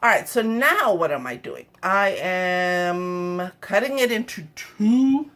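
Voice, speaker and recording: A woman's voice: on the low side, expressive, slow, fairly bright tone. A woman chatting wryly to camera in her home kitchen while she cooks, with jokey asides. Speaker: home cooking vlogger. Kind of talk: casual cooking demo chat.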